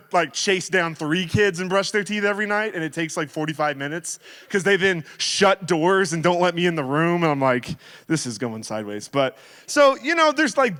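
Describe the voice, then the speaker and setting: A man in his thirties giving a sermon as guest speaker, telling stories in a playful, animated way. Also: high voice. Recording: reverberant hall.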